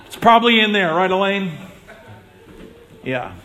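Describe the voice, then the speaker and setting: With lively intonation and a bright, pushed tone, a man preaches as pastor at a moderate pace with frequent pauses. He addresses people in the congregation by name and dramatizes the voices in his stories through large swings in pitch.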